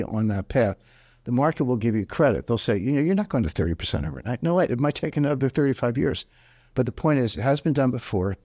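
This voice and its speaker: A man's voice: medium pitch, warm tone, no echo, studio quality. A man giving interview answers on economics in an emphatic, explanatory way, hammering home his key points. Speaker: interview guest, economic commentator.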